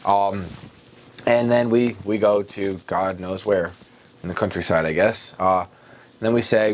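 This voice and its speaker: A man co-hosting a podcast, retelling a story in an animated, mock-dramatic way with big swings in his voice. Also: on the low side, measured pace. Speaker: podcast co-host. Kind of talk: comedic casual retelling.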